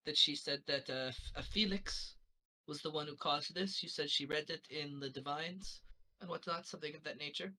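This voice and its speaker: A man's voice: fairly high pitch, normal speed, bright, forceful tone, low-quality recording. A man playing in a tabletop game, hesitant and rambling as he speaks in character. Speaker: player. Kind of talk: tabletop role-play chat.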